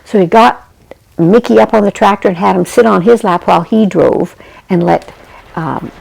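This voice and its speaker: A woman's voice: medium pitch, normal speed, vocal fry, a little mellow, no echo, low-quality recording. A woman narrating a children's story in a chatty way, often turning to ask her listeners questions. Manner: chatty, addresses listeners directly.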